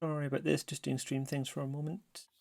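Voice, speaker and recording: A man's voice: a little high, little pitch movement, brisk, vocal fry, a little mellow. A man narrating a tabletop game as game master, chatty and prone to asides. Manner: chatty, self-correcting, apologetic asides.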